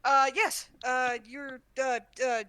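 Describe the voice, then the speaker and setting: A woman's voice: sits high, level tone, takes it slowly, pushed and bright, smooth, no room sound. A woman narrating as dungeon master, talking hesitantly with many stops and restarts. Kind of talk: narrating a tabletop game.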